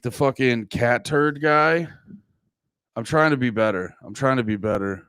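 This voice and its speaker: A man's voice: medium pitch, measured pace, a bit bright, clean tone, no room sound, studio quality. A man in his thirties hosting a livestream, rambling casually with profanity and frequent laughs. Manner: profane, self-mocking, laughs often. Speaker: livestream host.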